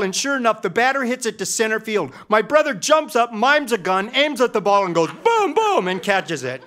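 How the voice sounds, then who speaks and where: A middle-aged man tells a comic story with wry timing and mock-epic grandeur. His voice is high and swells dramatically at its peaks. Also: a bit bright.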